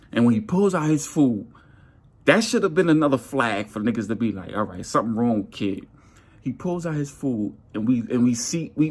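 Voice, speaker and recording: A man telling a workplace story in a casual monologue, animated, acting out his coworkers' lines. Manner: animated, acts out coworkers' lines with jumps in pitch.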